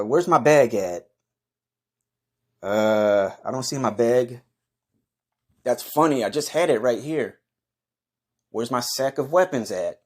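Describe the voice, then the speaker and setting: A man narrating a comic story in a profane, deadpan way. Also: medium pitch. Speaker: comedian narrating a skit.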